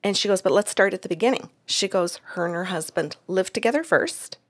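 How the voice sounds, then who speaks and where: A woman's voice: medium pitch, a little fast. Chatty woman telling a story. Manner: animated, acts out quoted voices, laughs often. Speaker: medium telling a client story. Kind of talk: casual storytelling chat.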